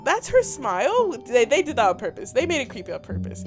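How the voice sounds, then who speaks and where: A woman's voice: a little high, wildly swooping pitch, a little fast, music in the background. A young woman, a little under the weather, giggling and chatting through a story game and reading choices aloud. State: a little sick. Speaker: game streamer. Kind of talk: casual gameplay commentary.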